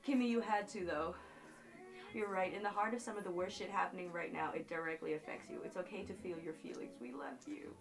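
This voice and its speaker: A woman's voice: on the low side, steady tone, brisk. A woman live streaming and chatting casually with her viewers, talking emotionally with lots of fillers and swinging between tears and giggles.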